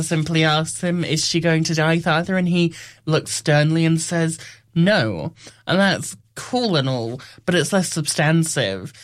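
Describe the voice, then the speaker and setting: A man giving a casual spoken film review, rambling and wry, often correcting himself mid-sentence. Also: fairly high pitch.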